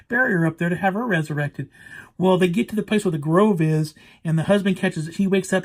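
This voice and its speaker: A man reviewing a horror movie remake in a casual vlog, rambling through the plot and backtracking to correct himself. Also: high voice. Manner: rambling, backtracking, retelling plots.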